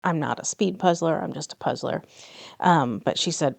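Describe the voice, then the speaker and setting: Middle-aged woman, low and gravelly, chatty self-correcting craft vlogger, dry close mic. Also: normal speed, no echo. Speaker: planner vlogger. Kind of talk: casual plan-with-me chat.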